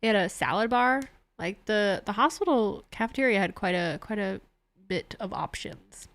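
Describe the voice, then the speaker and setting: A woman's voice: medium pitch, lively intonation, normal speed, a bit bright, dry recording. Chatty young woman streamer, dry mic. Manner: chatty, laughs often, reads out chat messages. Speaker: streamer watching a wrestling show. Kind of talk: casual live-stream chat with viewers.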